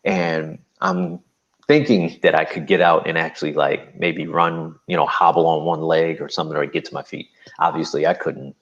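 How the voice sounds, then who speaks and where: A man recounting a personal story as an interview guest, animated and acting out quotes. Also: a bass voice, gravelly, dull audio.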